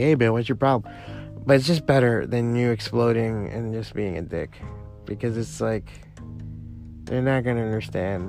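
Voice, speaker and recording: A man's voice: medium pitch, vocal fry, darkish tone. A man hosting a solo podcast, talking casually in a rambling, profane way full of restarts. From part Cuban family. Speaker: podcast host.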